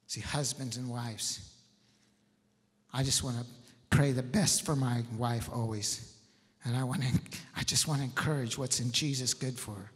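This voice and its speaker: A man preaching a storytelling sermon in a folksy, animated way, laughing often. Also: medium pitch, moderate pace. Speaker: pastor. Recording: echoey church hall.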